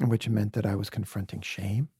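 A man from Brooklyn, a podcast guest, telling earnest, emotional stories in a reflective conversation, sometimes dropping to a soft whisper. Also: on the low side, level tone, normal speed, breathy edge, no echo, clean studio sound.

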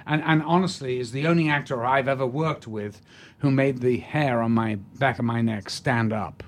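A man's voice: mid-range voice, moderate pace. An older man, an actor guest telling stories in a rambling way, full of restarts. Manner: rambling with many restarts, amused. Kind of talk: casual anecdote in an interview.

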